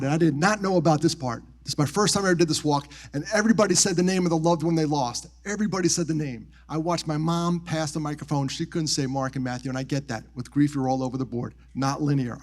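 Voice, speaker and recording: Animated male speaker, slightly high voice. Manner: animated, acts out quoted voices with big pitch jumps; drops to soft, quiet tones on grief. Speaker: motivational speaker. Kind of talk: live storytelling talk on suicide prevention. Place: military base venue.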